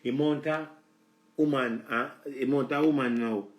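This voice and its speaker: A man's voice: medium pitch, steady tone, moderate pace, reverberant. Jamaican man ranting on a live stream. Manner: preachy, repeats "let me tell you", addresses the ladies. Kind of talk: rambling comedic rant.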